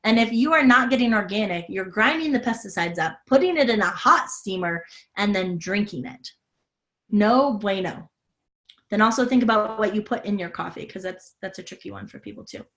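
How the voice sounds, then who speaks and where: A woman's voice: mid-range voice, animated, moderate pace, fairly bright tone. A woman hosting a live online masterclass as a health coach, upbeat and effusive, reading out viewer comments and answering questions over a video call. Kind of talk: live webinar sales talk and Q&A.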